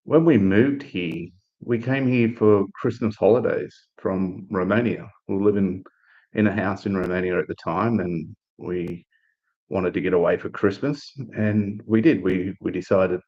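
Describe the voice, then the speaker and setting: An Australian man chats casually on a live stream, telling a relaxed, rambling story full of restarts and fillers. He speaks at a measured pace with a low-pitched voice, and the recording's highs are cut off.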